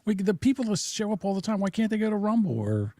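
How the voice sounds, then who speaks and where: A man's voice: high-pitched, sing-song, warm tone, no room sound, clean studio sound. Self-mocking man hosting a podcast. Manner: self-deprecating, halting with restarts. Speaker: podcast host. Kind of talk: casual chat.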